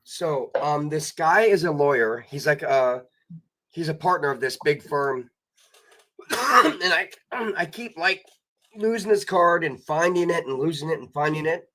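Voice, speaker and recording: Bright-voiced rambling storyteller, a man. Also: a little high, expressive, a little slow. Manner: rambling anecdotes with many fillers. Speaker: guest. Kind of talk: casual chat on a livestream.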